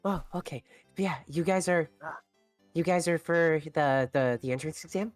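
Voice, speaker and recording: An overexcited young fox explorer played by a woman stammers eagerly through a tabletop game. Her voice sits low, and the recording is dry and close. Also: moderate pace, a little mellow, dry recording, faint music behind, close to an everyday voice.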